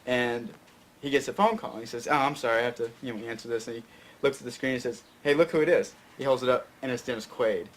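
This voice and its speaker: A man's voice: mid-range voice, fast talker, a bit bright. Young man from Tennessee, rambling story, lots of fillers, faint background hiss. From Fayette County, Tennessee. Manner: rambling, many fillers and restarts. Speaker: guest filmmaker. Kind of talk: casual storytelling interview.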